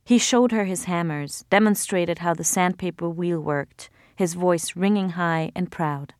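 Low-voiced woman narrating an audiobook. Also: measured pace, dry recording, studio quality. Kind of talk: scripted narration.

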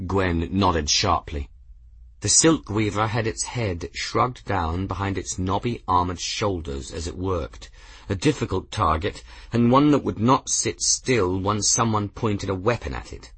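A man reads an audiobook with a low, husky voice that moves in lively rises and falls. The sound is dry and close. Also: unhurried, no room sound. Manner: expressive, voicing characters. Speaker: audiobook narrator. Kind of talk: scripted narration.

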